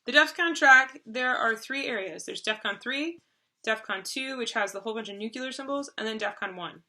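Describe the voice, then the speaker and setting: This woman co-hosts a board game video and explains the rules in an easygoing, chatty manner, with many fillers and restarts. Her voice is on the high side, pushed and bright, at a normal speed.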